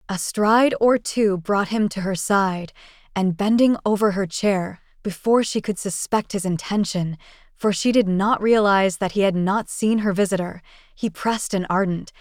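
A woman narrating a classic short story in a measured, even audiobook reading. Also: mid-range voice, clean tone, no echo, clean studio sound.

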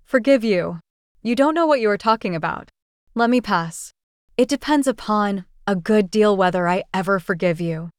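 A woman reading the part of a proud young society woman, agitated and pleading in a smooth, dry voice. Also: mid-range voice, moderate pace, no room sound, close to an everyday voice. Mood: curt. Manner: agitated, pleading, then sharp.

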